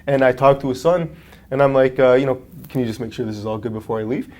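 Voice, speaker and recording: A man's voice: mid-range voice, fast talker. A young man in his twenties, a guest on an interview podcast, telling a work story casually and acting out the people in it. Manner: animated storyteller, acts out quotes in a raised voice. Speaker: guest, franchise owner.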